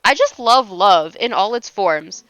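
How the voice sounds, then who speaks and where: A young woman streamer talks casually as she plays, gushing and teasing herself, with a lively, swooping voice. Her tone is bright and crisp, and it sounds dry and close. She laughs often and swears lightly. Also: mid-range voice, a little slow, no echo. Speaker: livestreamer. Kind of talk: casual chat while gaming.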